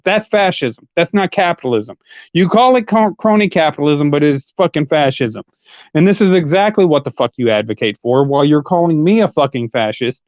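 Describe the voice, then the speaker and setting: On a livestream, a man rants in a combative, heavily profane and mocking way. His voice is a little high and fairly quick, and the recording is dry, muffled and lo-fi.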